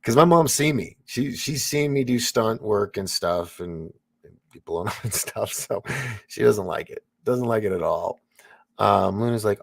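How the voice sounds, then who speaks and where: Brief: male livestream host, low gravelly voice, chatty and rambling, dry close sound. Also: expressive, normal speed, dry recording. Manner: rambling, laughing, many fillers and restarts. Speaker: livestream host reading chat. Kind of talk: casual livestream chat.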